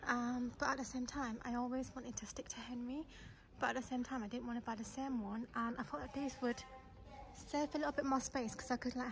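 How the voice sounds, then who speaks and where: A woman vlogging in casual, rambling chat, slightly out of breath, with lots of fillers and restarts. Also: fairly high pitch. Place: shops and home, indoors.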